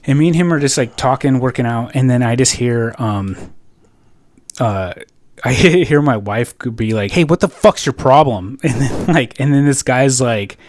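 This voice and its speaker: A man's voice: mid-range voice, moderate pace, a little mellow. A young man from California on a podcast, telling a story in a rambling, profane way full of filler words. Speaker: podcast co-host. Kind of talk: casual podcast chat.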